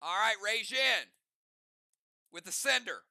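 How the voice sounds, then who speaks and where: A man hosting a live game session, calling out turns and timers while teasing the players with energetic banter. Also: high-pitched, slow, creaky, no echo, clean studio sound.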